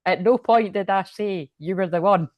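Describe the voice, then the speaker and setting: A woman's voice: medium pitch, normal speed, no echo, muffled recording, natural voice. A woman voicing a blunt man who tells a lover he only wants something casual, in a tarot reading. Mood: dismissive. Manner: blunt, dismissive. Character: blunt man in a no-strings fling.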